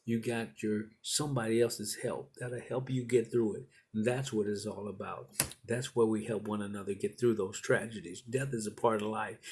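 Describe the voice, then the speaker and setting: A man's voice: on the low side, a little mellow, husky. A middle-aged man preaching a sermon, building in repeated encouraging phrases. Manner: repetitive, encouraging preaching cadence.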